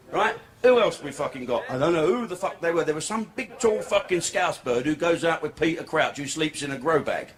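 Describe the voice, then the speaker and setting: Brash, swearing stand-up comic. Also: male voice, high voice. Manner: crude, swearing, brash storytelling. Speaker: stand-up comedian. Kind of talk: stand-up comedy set. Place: comedy club stage before a laughing audience. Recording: live club recording, crowd and noise.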